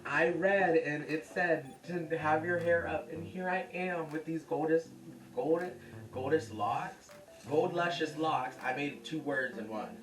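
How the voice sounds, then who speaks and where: Loud, profane home cooking host. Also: mid-range voice, a little slow. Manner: loud projected voice, profane, chatty. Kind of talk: casual cooking show chat. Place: home kitchen. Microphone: camera's built-in mic. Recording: echoey room, distant camera mic, music.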